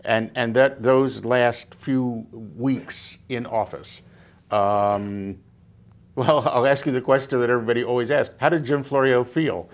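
A man interviewing a guest for an oral history, asking questions in a measured, hesitant way. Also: medium pitch, steady tone.

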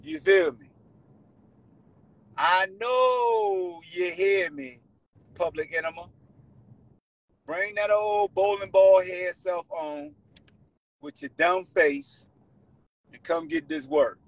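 A man hosting a sports podcast with a Virginia accent, taunting and shouting at players in casual trash talk. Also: sits high, slow pace, gravelly, long pauses, no echo, poor audio. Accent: Virginia (757 area). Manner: loud, taunting, animated, shouts and laughs. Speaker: podcast host.

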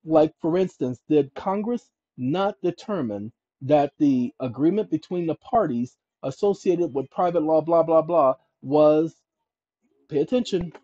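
A fairly high-voiced man with a husky, mellow tone talks viewers through documents on his screen. He speaks emphatically and keeps checking in with his audience. The recording sounds dull and lo-fi. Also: unhurried. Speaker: channel host giving legal advice. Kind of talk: instructional screen-share talk.

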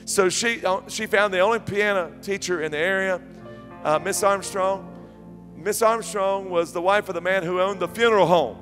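A middle-aged man preaching a sermon as pastor, telling stories with repeated questions that swing from near-whispers to loud, high climbs. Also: normal speed, long reverb tail, soft background music. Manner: animated storytelling preacher, repeating questions, sudden soft drops and loud climbs.

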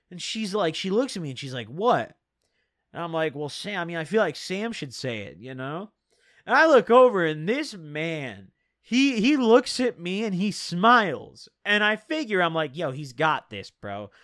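A man's voice: high-pitched, a bit bright, no echo, clean studio sound. A young man telling a rambling story in casual slang, full of "dude" and "bro". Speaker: storyteller vlogger.

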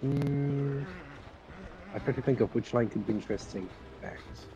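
A man's voice: mid-range voice, a little slow, dull audio, crowd noise. A man chatting casually with a friend while they play a game online, searching for words as he talks. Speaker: fellow player on the stream. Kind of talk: casual gaming chat.

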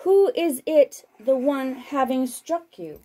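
A woman reads scripture at a very slow, deliberate pace. Her voice is mellow and slightly high. She sounds like she is hosting a broadcast from home. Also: poor audio. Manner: slow, deliberate reading; chatty and laughing on the phone. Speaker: host reading scripture.

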